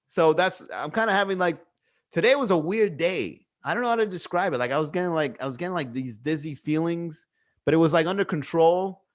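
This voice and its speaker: Male podcast host, slightly high voice, rambling and philosophical, loose and profane, recorded at home. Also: fairly quick. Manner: rambling, musing, swears freely, many fillers. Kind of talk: casual solo podcast monologue. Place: indoors at home.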